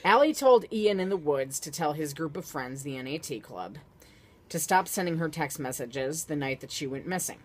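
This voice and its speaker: Low-voiced blunt young woman. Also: lively intonation, moderate pace, slightly rough. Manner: blunt, sarcastic. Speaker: vlog co-host. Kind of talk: casual chat.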